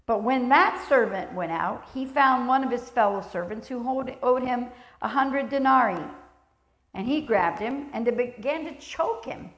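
Woman preacher, fairly high voice, emphatic sermon delivery, echoey church room. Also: expressive, unhurried, fairly bright tone. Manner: earnest, emphatic, reads scripture aloud and asks the congregation questions. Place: church sanctuary.

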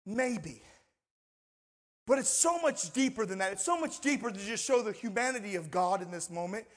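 A man preaching a sermon as pastor, impassioned, moving between shouted lines and hushed, quiet passages. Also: high voice, expressive, fast.

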